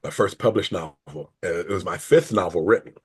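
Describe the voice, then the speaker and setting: A middle-aged man with a fairly low voice, talking casually as an interview guest. He rambles and corrects himself mid-sentence, and chuckles through his anecdotes. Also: lively intonation, a little fast, darkish tone, breathy edge. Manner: rambling, self-correcting, laughs while telling stories. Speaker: author guest.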